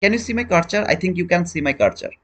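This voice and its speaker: Guy running a live chart lesson, kinda high voice, keeps quizzing chat and repeating himself, non-native english. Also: lively intonation, fast talker, fairly bright tone. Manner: repeats points, questions chat viewers directly. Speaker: trading teacher.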